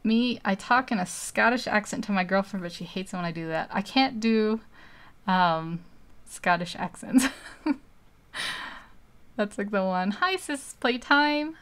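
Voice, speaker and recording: A woman's voice: mid-range voice, measured pace, long pauses, clean tone. A woman live-streaming while she draws, chatting casually and rambling, laughing often between thoughts.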